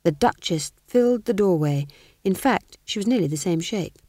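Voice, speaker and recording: Dry, low-pitched woman narrating a story. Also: dry recording. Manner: expressive, measured storytelling. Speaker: audiobook narrator. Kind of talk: scripted narration of a comic fantasy novel.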